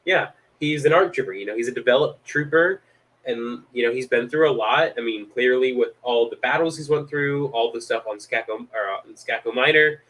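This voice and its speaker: A man co-hosting a casual fan podcast, rambling with lots of fillers and getting excited. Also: mid-range voice, a little fast, rough recording. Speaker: podcast co-host.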